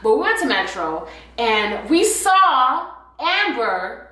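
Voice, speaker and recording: A young woman telling a story in a casual, animated way, full of slang and swearing. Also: high voice, slow pace. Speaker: vlogger. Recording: echoey room, a bit far from the mic.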